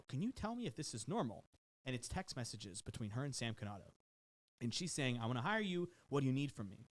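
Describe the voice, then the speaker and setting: A man on a podcast telling a long story in a casual, profane way, often mimicking the people in it. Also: mid-range voice. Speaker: guest, personal trainer. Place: podcast studio.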